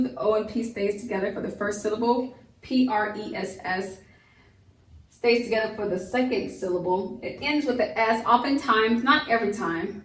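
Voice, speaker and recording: Woman, homeschool teacher, kindergarten vocabulary lesson, slow and patient, spells words out, mid-pitched, faint background noise. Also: poor audio. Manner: asks children gentle questions.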